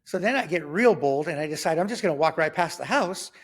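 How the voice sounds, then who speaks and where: A man, telling his own story as a guest in an interview. His voice sits a little higher than most men's, and his delivery is lively and conversational. He acts out the lines of people in the story and laughs through the wilder moments. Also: fairly quick, slightly rough. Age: 50s.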